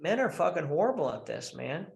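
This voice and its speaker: A fairly high-pitched man with vocal fry talks fairly quickly as a guest on a podcast interview, coaching married men in blunt, profane terms. He tells lively stories, jumping into quoted voices partway through sentences, and the sound is roomy.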